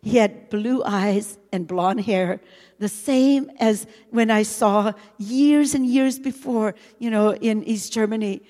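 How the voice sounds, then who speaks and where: A woman's voice: medium pitch, takes it slowly, warm tone. Earnest woman preaching in a reverberant hall. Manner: earnest storytelling with many "you know" fillers. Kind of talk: testimony sermon.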